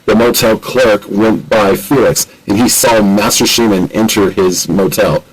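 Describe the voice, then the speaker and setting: A man narrating an amateur audiobook in a plain, steady reading voice. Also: lowish voice, a little slow, husky, rough recording.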